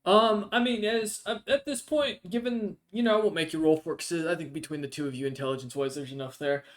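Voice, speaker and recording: A man's voice: on the high side, fast talker. A man narrating as game master of a tabletop game, hesitant and full of ums and uhs.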